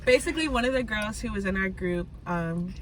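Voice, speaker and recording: A woman's voice: mid-range voice, fairly quick, slight background noise. A young woman joining a friend's casual storytime vlog from a parked car, jumping in and finishing her sentences. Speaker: friend and co-host.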